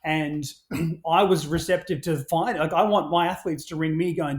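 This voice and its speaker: Animated, swearing man telling stories. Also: on the high side, moderate pace. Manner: rambling, animated, swears freely, many restarts. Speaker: podcast guest, action sports brand founder. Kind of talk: casual podcast conversation.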